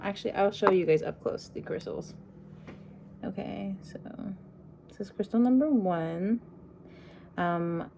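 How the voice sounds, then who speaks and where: Low, gravelly-voiced woman reading tarot. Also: slight background noise. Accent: put-on accent. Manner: soft, meandering, with frequent ums. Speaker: tarot reader. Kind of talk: casual intuitive reading to camera. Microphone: phone propped on a crystal.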